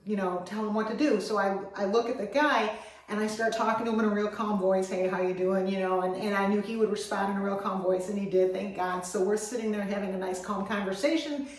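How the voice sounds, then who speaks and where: A woman vlogger telling a story with lively energy, going from loud excitement to hushed calm. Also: mid-range voice, fast. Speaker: animal rescue vlogger. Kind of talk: animated storytelling. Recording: very echoey voice, far from the mic.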